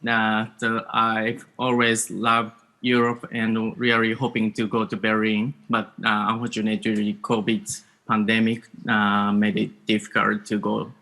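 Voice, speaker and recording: A man's voice: lowish voice, completely flat delivery, measured pace, bright, forceful tone. A man, a startup founder in his thirties introducing himself on a video call, hesitant with many fillers. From Japan. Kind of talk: panel self-introduction.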